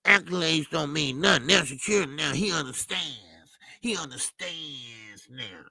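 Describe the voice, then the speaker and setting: A man with a gravelly, fry-tinged voice talks slowly and loosely, hosting a live boxing chat stream. He reacts to his viewers, trailing off into fillers and restarts, and the sound is dry and close. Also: fairly high pitch, lively intonation, pushed and bright, dry recording. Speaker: boxing channel host. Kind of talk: casual live-stream commentary.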